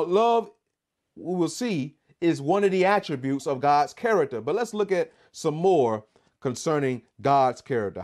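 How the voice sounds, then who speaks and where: Here a man with a fairly high but darkish voice teaches a Bible study. After reading scripture out loud, he climbs into emphatic, fervent preaching and keeps asking his listeners "what?" for call-and-response.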